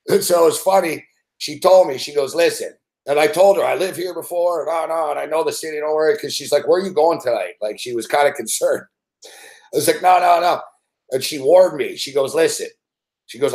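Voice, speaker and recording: A man with a voice a little higher than most tells a long story in loose casual talk. He swears constantly, stumbles over his words and breaks into laughs along the way. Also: moderate pace. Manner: profane, rambling, laughs often. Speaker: show host.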